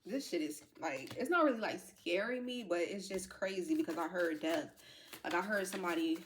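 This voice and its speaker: At a moderate pace and in a lowish voice, a woman gives her viewers a casual tarot reading, rambling, using many fillers, and calling them y'all. She gets emotional and close to tears at times, with slight background noise behind her.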